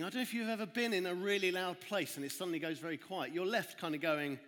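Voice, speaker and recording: A man's voice: high-pitched, steady tone, fast talker, few pauses, a bit bright. A man giving a church children's talk, reading a Bible story and retelling it with dramatic asides. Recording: echoey hall.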